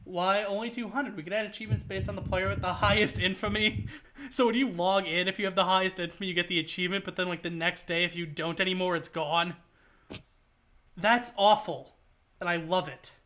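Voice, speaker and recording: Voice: medium pitch, fairly even intonation, brisk, fairly bright tone. A streamer chatting casually while gaming, rambling with lots of filler words.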